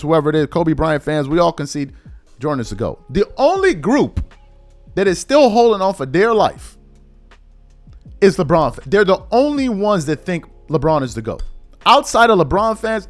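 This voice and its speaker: A man's voice: a little high, no echo. A man hosting a solo sports opinion show, ranting with rhetorical questions. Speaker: sports commentary host.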